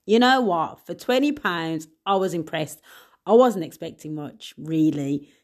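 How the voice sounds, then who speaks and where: A young woman chats on her own podcast in a loose, friendly way. She throws in playful asides and laughs often. Her voice sits a little low for a woman. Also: lively intonation, a little slow. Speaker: podcast host. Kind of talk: casual solo podcast chat.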